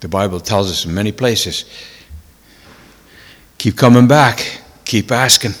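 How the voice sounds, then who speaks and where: A man telling a personal testimony in a sermon, emotional and tearful, dropping to hushed whispers and rising to loud exclamations. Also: lowish voice, a little slow, long reverb tail. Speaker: preacher.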